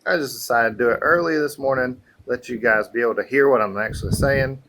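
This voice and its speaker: A man talks through a relaxed hands-on craft lesson, chatty and encouraging as he thinks out loud. He is outdoors on a breezy patio. The sound comes from the camera's own microphone. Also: mid-range voice, quick pace. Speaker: airbrush artist teaching a craft. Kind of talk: casual craft tutorial.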